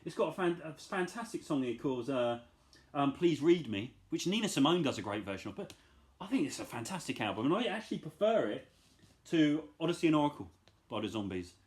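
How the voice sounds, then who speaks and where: A man's voice: a little high, sing-song, a little fast. A middle-aged man casually chatting about his record finds, enthusiastic and rambling, with self-deprecating asides. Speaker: vinyl collector vlogger. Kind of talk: casual chat.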